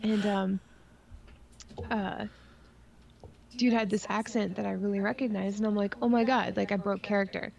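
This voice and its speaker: A woman's voice: mid-range voice, fairly even intonation, moderate pace, creaky, pauses often, darkish tone, muffled recording. A young adult woman from Ontario co-hosting a casual gaming chat show, rambling and playful with many fillers. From Ontario, Canada. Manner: rambling, lots of likes and ums, playful. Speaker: podcast co-host.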